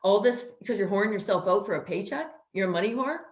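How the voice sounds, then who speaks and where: A woman's voice: mid-range voice, animated, fast. Blunt, swearing woman ranting in an echoey room. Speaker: co-host. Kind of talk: casual chat.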